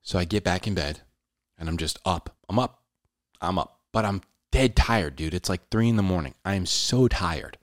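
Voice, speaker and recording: A man telling a personal story in a casual, animated way, often saying "dude". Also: low-pitched, normal speed, no room sound, studio quality. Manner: animated, says "dude" a lot.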